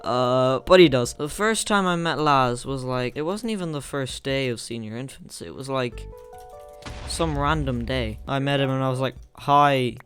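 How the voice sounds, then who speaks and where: A man's voice: medium pitch, normal speed, a bit bright, faint music behind. A man with an Irish accent hosting a casual storytime chat, rambling and laughing at his own jokes. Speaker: channel host.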